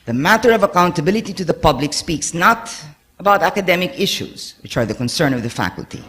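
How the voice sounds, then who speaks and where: A man's voice: on the high side, animated, fast, fairly bright tone, a little hiss or hum. A man giving a formal academic lecture in a hall, partly reading aloud, stressing key words and letting his voice fall at the ends of phrases. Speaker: university speaker giving a lecture.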